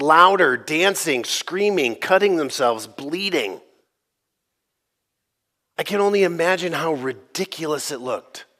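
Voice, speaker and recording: A middle-aged man pastor preaching a sermon, telling the story with lively, sarcastic quoted lines and occasional laughs. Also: fairly high pitch.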